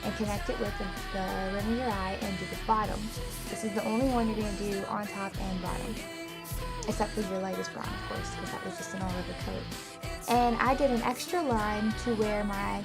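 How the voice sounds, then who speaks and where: A young woman talks her way through a makeup tutorial in a relaxed, rambling way, often pausing on ums and correcting herself mid-phrase. Her pitch sits in an ordinary middle range. Music plays clearly underneath her voice. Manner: chatty, rambling, with frequent ums and self-corrections. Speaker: makeup vlogger. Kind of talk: casual makeup tutorial narration.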